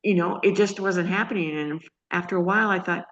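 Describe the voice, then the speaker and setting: A woman telling her own story in a casual, halting way, full of restarts and fillers, earnest and excited. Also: fairly low pitch. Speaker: guest sharing a healing testimony. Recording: dull lo-fi audio.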